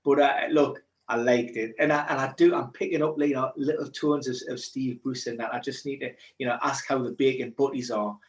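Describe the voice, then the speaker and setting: A man with a Geordie accent chatting casually as a podcast co-host, animated and joking. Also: mid-range voice, fairly quick, few pauses, roomy sound. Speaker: podcast co-host, football pundit.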